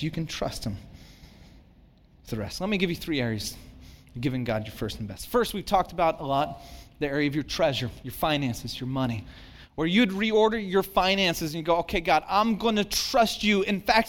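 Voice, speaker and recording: A man's voice: high-pitched, fairly bright tone. A man, a pastor, giving a conversational sermon, self-deprecating and acting out the voices of worried people.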